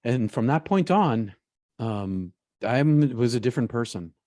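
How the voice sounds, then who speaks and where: A man speaking as an interview guest, slow and emphatic, who stumbles and repeats words as he recounts a personal story. His voice sits at an ordinary middle pitch and is recorded dry and close, with no room sound around it. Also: expressive, warm tone, no echo.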